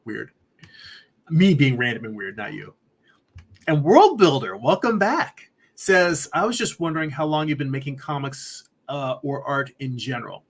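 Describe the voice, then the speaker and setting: An artist streamer talks in a husky, mid-range voice at normal speed. He rambles in a laid-back way, laughs a lot, and reads out viewer comments to answer the chat.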